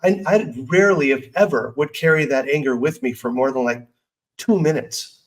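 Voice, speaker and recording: Heard through a low-quality recording, a middle-aged podcast host speaks at medium pitch and normal speed about personal growth. His motivational talk comes across as earnest and candid, conversational in style, with occasional asides to himself.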